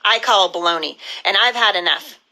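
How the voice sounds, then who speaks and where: A woman's voice: medium pitch, moderate pace, sharp tone, poor audio. A middle-aged woman from the US Pacific Northwest, giving a fiery, indignant live-stream address as a political candidate.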